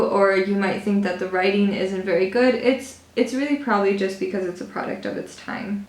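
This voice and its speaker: A young woman vlogging a casual book review, chatty and animated, often restarting her sentences. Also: mid-range voice. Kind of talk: casual book review while doing makeup. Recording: echoey room.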